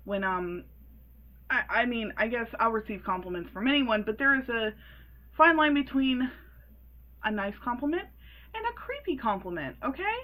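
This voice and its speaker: A woman in her early twenties telling a story in a casual vlog, animated and sassy, laughing often. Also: on the high side, moderate pace, pauses often, rough recording. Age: 20s. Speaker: vlogger.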